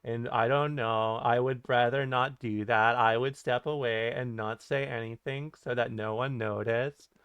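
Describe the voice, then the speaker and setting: A man doing an impression of a calm narrator who delivers horrific warnings slowly and matter-of-factly, in a smooth voice. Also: mid-range voice, no echo. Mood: deadpan. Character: impression of a calm, soft-spoken male narrator giving grim warnings.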